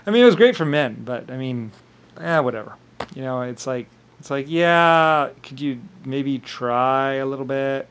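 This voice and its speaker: A man talking in a rambling monologue, often laughing and mimicking others in quick quoted voices. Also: mid-range voice, animated, fairly bright tone, a little hiss or hum.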